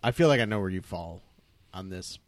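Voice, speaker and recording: A man's voice: low voice, animated, brisk, no echo. A man co-hosting a movie podcast, chatting easily and laughing as he reads out trivia. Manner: easygoing, laughs while reading trivia. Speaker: podcast co-host. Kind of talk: casual movie chat. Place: at a table in a studio.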